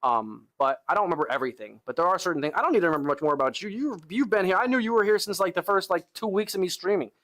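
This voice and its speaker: A young man chats easily with his live-stream viewers between gym lifts, saying "bro" and "like" over and over, sighing between sets as his arms tire. He talks very fast with few pauses, his high, fairly bright voice full of lively intonation.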